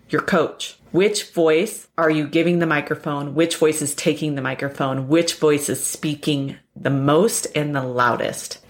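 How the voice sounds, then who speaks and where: A woman hosting a self-help podcast in an earnest monologue full of repeated rhetorical questions. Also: lowish voice. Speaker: podcast host.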